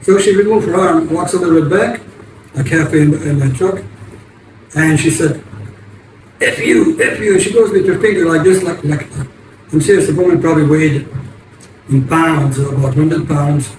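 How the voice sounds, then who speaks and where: Older man telling a story, halting and roomy. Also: fairly high pitch. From United States. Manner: rambling, halting, many restarts. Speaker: vlogger. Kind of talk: casual storytelling. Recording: echoey, distant, noisy ambience.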